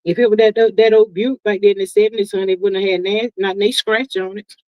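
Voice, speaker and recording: A woman's voice: mid-range voice, fairly even intonation, darkish tone, dry recording. A middle-aged woman hosting a live stream in a casual, folksy chat, reading viewer comments and calling everyone honey and child. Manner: chatty, emphatic, drawn-out asides. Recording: dry, slightly muffled lo-fi sound.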